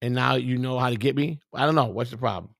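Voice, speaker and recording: A man with a gravelly, middle-pitched voice reads viewer comments on a live stream and answers them bluntly, with plenty of cursing. He sounds tired. The sound is dry and close. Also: fast, a bit bright, no room sound. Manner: combative, profane, talks back to viewers. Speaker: livestream host.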